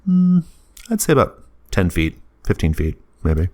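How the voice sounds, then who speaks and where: Deep-voiced man running a tabletop game. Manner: relaxed, halting descriptive narration. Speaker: game master.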